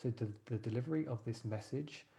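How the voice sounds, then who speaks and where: A man's voice: medium pitch, a little fast, gravelly, dark tone. A man teaching a live writing class, encouraging his students and thinking aloud as he types.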